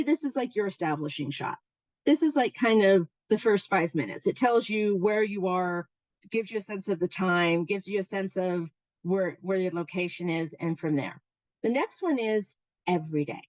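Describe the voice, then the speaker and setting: A woman runs an informal workshop, telling a story with an animated voice that rises and falls a lot. She talks in a chatty way, full of fillers and restarts. The sound is dry and close. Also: mid-range voice, no room sound, muffled recording. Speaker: workshop presenter.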